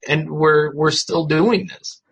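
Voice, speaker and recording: A man speaks as a podcast guest in relaxed conversation. His voice sits a little high and sounds husky, and his manner is easygoing and supportive. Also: slow, low-quality recording. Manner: supportive, easygoing, laughs along. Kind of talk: casual chat.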